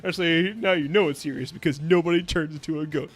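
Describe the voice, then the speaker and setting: A man's voice: fairly high pitch, quick pace, soft background music. A young man, a VTuber, chatting casually while streaming a game, rambling and laughing often. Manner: rambling, chatty, laughs often, silly sing-song asides. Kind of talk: casual gameplay stream chat.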